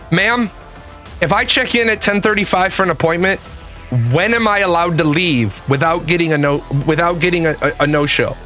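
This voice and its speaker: Man, high-pitched, bright tone, swearing rant, soft music behind. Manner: exasperated, swears a lot, acts out phone calls. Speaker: podcast host. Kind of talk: profane storytelling rant.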